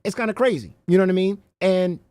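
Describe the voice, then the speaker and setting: A man's voice: sits high, fast talker, darkish tone, no echo. A man hosting a casual livestream, rambling, swearing freely and breaking into laughter often. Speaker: livestream host.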